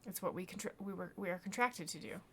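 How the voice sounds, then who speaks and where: A woman's voice: medium pitch, quick pace, fairly bright tone, slightly rough. A no-nonsense female doctor who states her lines firmly and plainly, read out by a woman. She sounds businesslike and settled. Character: firm, matter-of-fact female doctor.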